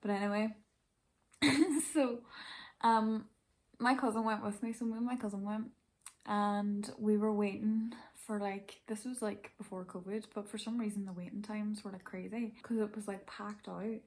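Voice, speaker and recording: A young Irish woman telling a story fast and casually, laughing often and swearing freely. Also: medium pitch, fairly even intonation, a little mellow. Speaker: vlogger.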